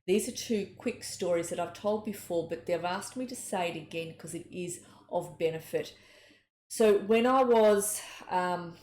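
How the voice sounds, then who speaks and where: A middle-aged woman, a psychic giving an earnest, gentle spiritual talk and telling personal stories. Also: lowish voice. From Australia. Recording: echoey room, faint noise.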